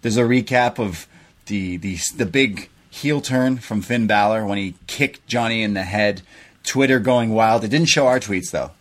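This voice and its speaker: A man with a lowish voice talks through a wrestling event in loose, chatty podcast banter. He is from Canada and keeps a steady running recap for his co-host. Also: moderate pace. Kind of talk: casual wrestling review chat.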